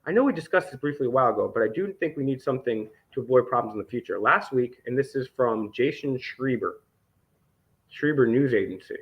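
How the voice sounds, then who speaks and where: A man's voice: mid-range voice, expressive, quick pace, few pauses. A man vlogging as an independent news host, reading documents aloud with sarcastic, indignant commentary and frequent swearing. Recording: dull lo-fi recording.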